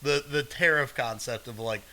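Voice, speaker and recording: A man's voice: mid-range voice, normal speed, pushed and bright, rough recording. A man co-hosting a podcast, rambling in a loose, profane, casual way with frequent laughs. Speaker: podcast co-host. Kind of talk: casual chat.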